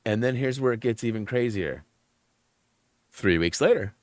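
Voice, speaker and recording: This middle-aged man runs a gaming channel, speaking at medium pitch and a moderate pace with frequent pauses. The recording is clean studio sound with no room noise. He chats casually over gameplay, acting out quotes and laughing often as he tells stories.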